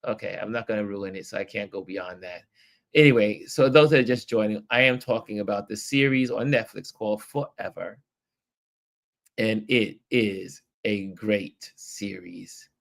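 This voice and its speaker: A man hosting a casual late-night livestream, chatting in a rambling, easygoing way and breaking into animated voices when he quotes people. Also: fairly low pitch, normal speed, gravelly. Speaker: livestream host.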